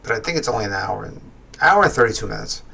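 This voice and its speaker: A man's voice: fairly low pitch, lively intonation, fast talker, gravelly, pushed and bright, slightly rough. A man giving a casual spoken film review, rambling and correcting himself as he thinks aloud.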